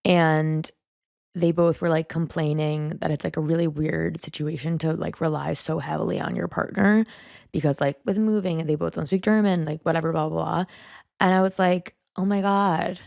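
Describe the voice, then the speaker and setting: A woman's voice: low voice, steady tone, moderate pace, vocal fry, a little mellow, dry recording, studio quality. A young woman vlogging a candid, rambling personal monologue, full of "like" fillers. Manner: rambling, frequent "like" fillers, self-critical venting.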